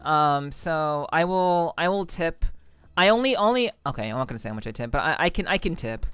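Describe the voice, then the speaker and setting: Young woman streamer, casual live chat, lively swooping pitch, smooth clear voice, frequent swearing, soft music behind. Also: fairly quick, no room sound. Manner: swears a lot, stammering restarts.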